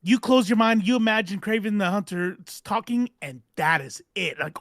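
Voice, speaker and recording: A man's voice: high voice, expressive, fairly bright tone, dry recording, studio quality. A man co-hosting a podcast, teasing his partner in casual comedic chat with frequent laughter. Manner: laughing, teasing, quick banter. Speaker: podcast co-host.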